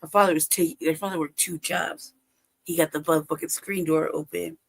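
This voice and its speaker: A woman's voice: low voice, steady tone, brisk, gravelly, slightly rough. A woman from Los Angeles telling a childhood story on a livestream call, swearing constantly and laughing often. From Los Angeles, California. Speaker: livestream guest. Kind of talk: casual storytelling.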